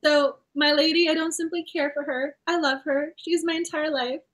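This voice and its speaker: High-voiced, animated woman book club host. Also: moderate pace. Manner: animated, laughs often. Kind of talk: casual book discussion.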